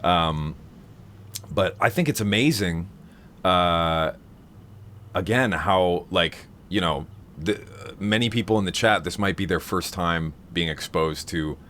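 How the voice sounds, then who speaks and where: A man's voice: sits low, slow, fairly bright tone. A man hosting a live-stream vocal seminar, talking casually and rambling with many fillers and restarts.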